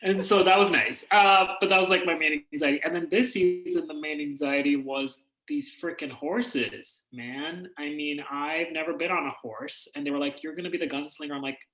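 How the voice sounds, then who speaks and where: A man from India, an actor telling stories in a casual interview, animated and self-deprecating. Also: fairly high pitch, moderate pace, hardly any pauses, reverberant, low-quality recording. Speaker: actor guest.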